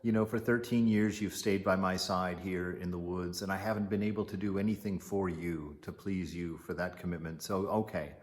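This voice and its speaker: A man voicing a wise male god-hero who speaks in a measured, skeptical way. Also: low-pitched, steady tone, close to an everyday voice. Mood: doubtful.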